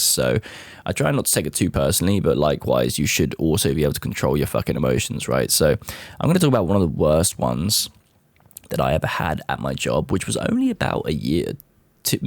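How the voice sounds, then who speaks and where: Young man, very deep voice, gravelly, lively swinging delivery, swearing storyteller. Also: no room sound. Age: 20s. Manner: profane, laughing, animated storytelling. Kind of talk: casual storytime rant.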